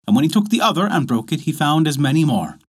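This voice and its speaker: A man narrating a folk tale in an expressive, storybook manner. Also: fairly high pitch, fast, husky.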